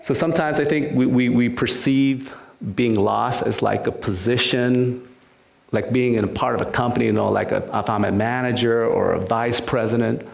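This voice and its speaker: A man's voice: medium pitch, steady tone, normal speed, gravelly, roomy sound. A man giving a sermon in an earnest way, often repeating words and acting out what people in the story say. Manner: earnest, repeats words, acts out quoted voices. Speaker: preacher.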